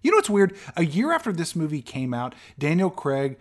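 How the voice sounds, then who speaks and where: Male podcast co-host, lively up-and-down delivery, wry and exasperated. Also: on the high side, brisk. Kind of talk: casual comedic movie review.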